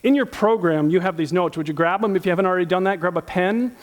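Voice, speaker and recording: A man's voice: sits high, fast. A middle-aged man preaching a sermon in a church, talking casually and acting out Bible characters as he teaches. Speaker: pastor.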